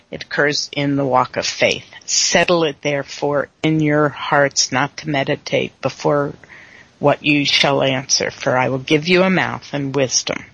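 A Bible study leader teaching slowly, quoting scripture and laughing easily with the group. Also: mid-range voice, no echo. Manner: slow, warm, laughs easily, quotes scripture. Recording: dull lo-fi recording.

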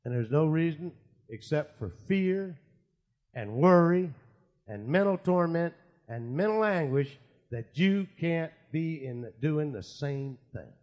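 High-voiced man preaching a story sermon. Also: lively intonation, slow pace, lo-fi sound. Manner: storytelling, voices quoted people, swings from quiet asides to loud shouted prayer. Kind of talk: sermon with acted anecdotes.

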